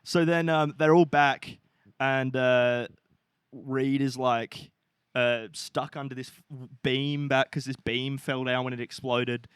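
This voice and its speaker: A man's voice: mid-range voice, steady tone, slow pace, smooth, no room sound. A young man co-hosting a podcast, casually retelling a film plot, swearing freely and acting out the characters' lines. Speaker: podcast co-host.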